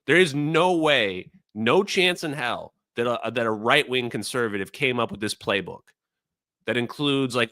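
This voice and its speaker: A man's voice: medium pitch, expressive, unhurried, sharp tone, no echo, clean studio sound. A man hosting a livestream, ranting in an exasperated, sarcastic way and talking straight to his chat. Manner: addresses the chat directly. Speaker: livestream host. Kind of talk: casual livestream rant.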